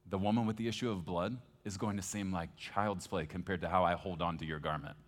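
A male pastor preaching a passionate sermon, swinging between loud emphasis and hushed, intimate moments. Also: deep voice, fairly even intonation, brisk, hardly any pauses. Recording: long hall reverb, faint guitar.

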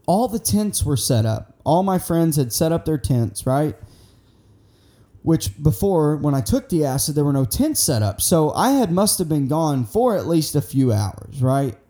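A young man tells a story in a loose, rambling way, full of swearing, with a mellow, darker tone. His voice sits a bit higher than most men's. He acts out the lines of the people in the story as he goes. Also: a little slow. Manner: rambling, profane, excitable, acts out quotes. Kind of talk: casual storytelling.

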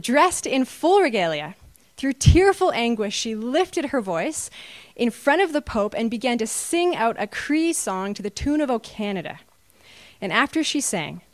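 A woman's voice: medium pitch, dry recording. Earnest woman preaching a sermon. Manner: earnest, builds to emphatic peaks. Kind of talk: sermon with slides.

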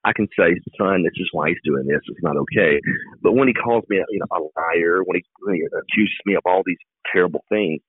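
Over a dry, tinny phone line with no echo, a middle-aged man running for office speaks fast in a deep, slightly rough voice. His campaign interview answers are fervent and emphatic, with repetitive, speech-like delivery.

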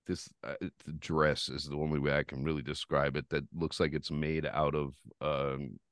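A man's voice: extremely low pitch, moderate pace, clear, resonant tone, no echo. A man hosting a podcast, telling a rambling, profane story in casual chat. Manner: profane, rambling, animated retelling. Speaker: podcast host.

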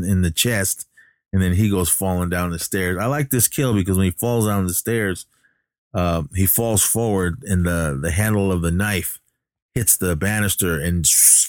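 Deep-voiced man rambling through a recap. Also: normal speed, no room sound, studio quality. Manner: rambling, full of fillers and self-corrections. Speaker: movie recapper. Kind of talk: casual film recap.

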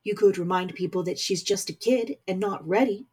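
A woman voicing a tense young man who keeps his voice to a low growl. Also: moderate pace, darkish tone, husky, close to an everyday voice. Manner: low, growled, gritted delivery.

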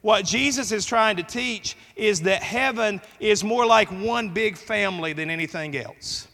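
A man, a pastor, preaching a sermon to his church in an earnest way, pushing up the loudness on key words. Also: high voice, measured pace. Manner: earnest preaching with emphatic rises. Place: church sanctuary. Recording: long church hall reverb.

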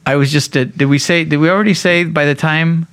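A middle-aged man casually telling a personal recovery story, profane and animated, acting out what people said. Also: on the high side, fairly quick, no echo. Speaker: podcast guest sharing recovery story.

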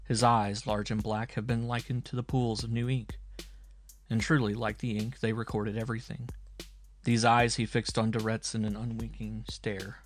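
A man narrating an audiobook in a deliberate, dramatic storytelling manner. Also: on the low side, little pitch movement, faint music behind. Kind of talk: audiobook reading.

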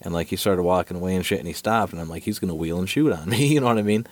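Man, very low voice, dry close sound, casual profane storyteller, chatty podcast host. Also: rapid-fire, no echo. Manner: profane, animated storyteller, fillers like dude and right.

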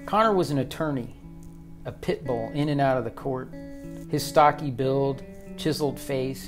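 A man narrating an audiobook at a steady, measured pace. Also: medium pitch.

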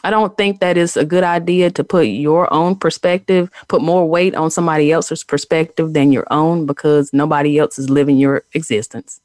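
A woman's voice: sits low, fairly even intonation, normal speed, few pauses, darkish tone, dry recording, studio quality. A woman hosting an interview, supportive and affirming as she shares her view. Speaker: interview host. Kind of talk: conversational interview.

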